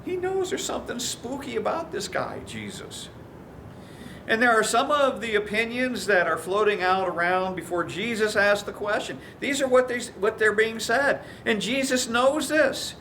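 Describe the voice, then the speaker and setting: A man's voice: high-pitched, sing-song, normal speed, pushed and bright, slight background noise. A man preaching a sermon as a pastor, telling stories and acting out the quoted voices. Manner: storytelling, acts out quoted voices.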